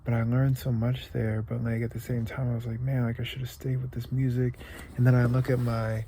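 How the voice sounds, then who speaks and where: A man's voice: mid-range voice, flat delivery, brisk, dark tone, a little hiss or hum. A young man from the United States talking through a rambling, emotional confessional vlog, close to tears and sometimes dropping to a whisper. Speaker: vlogger.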